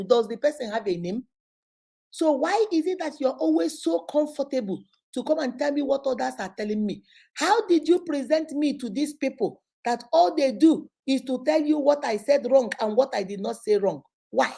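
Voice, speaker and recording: Animated Nigerian woman preaching. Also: high voice, moderate pace, creaky, husky. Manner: animated, preachy, with mimicked voices. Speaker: host. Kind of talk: live show, motivational talk.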